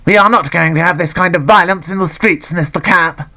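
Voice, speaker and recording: A man's voice: high voice, brisk, bright, forceful tone, voice pushed up. A man voicing a stern judge who scolds in a formal tone.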